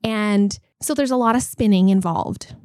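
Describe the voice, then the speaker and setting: A woman in her forties, a podcast co-host, telling a story in a lively, laughing, casual way. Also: mid-range voice, normal speed, clear, resonant tone, no echo, clean studio sound. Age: 40s. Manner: animated storytelling, laughs often. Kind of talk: casual chat.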